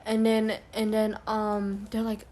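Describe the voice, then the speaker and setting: A young woman in casual podcast talk, telling her story with pauses and restarts. She sounds earnest. Her pitch is ordinary. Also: completely flat delivery, darkish tone. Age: young adult. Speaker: podcast co-host. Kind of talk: casual chat.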